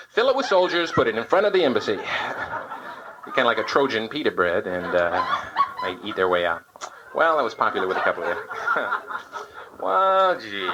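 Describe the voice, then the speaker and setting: A man's voice: mid-range voice, dull audio. A man doing a live stand-up set, firing off topical political one-liners and slipping into short sung bits. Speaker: stand-up comedian. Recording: old live club tape with loud hiss. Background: audience laughter.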